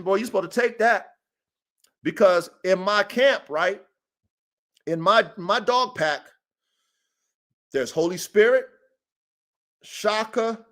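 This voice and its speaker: Animated, profane man telling stories. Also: on the high side. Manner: animated storytelling, profane, quick asides. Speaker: dog breeder and podcast host. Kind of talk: casual livestream talk. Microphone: streaming setup.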